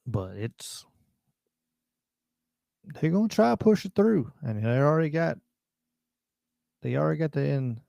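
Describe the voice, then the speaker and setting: Guy hosting a live show, gravelly low-key voice, blunt and rambly. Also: expressive, measured pace, long pauses, dark tone, dry recording, clean studio sound. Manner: blunt, rambling, reads viewer comments. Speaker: podcast host. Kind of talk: casual livestream talk.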